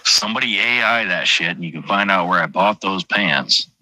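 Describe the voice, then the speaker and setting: This trucker's low, animated voice has a sharp edge as he chats on stream at a normal speed, profane and jokey, drifting from topic to topic. The audio is dry and poor.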